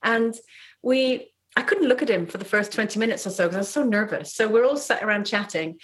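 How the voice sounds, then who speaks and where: A middle-aged woman from Trinidad, a podcast guest telling a personal story in a lively way, laughing often and acting out what people said. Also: mid-range voice, brisk. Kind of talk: storytelling in casual chat.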